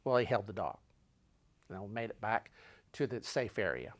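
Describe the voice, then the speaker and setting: This man is very animated as he relates a personal travel tale at normal speed. The telling is dramatic and repetitive, moving between loud urgency and hushed, low remarks.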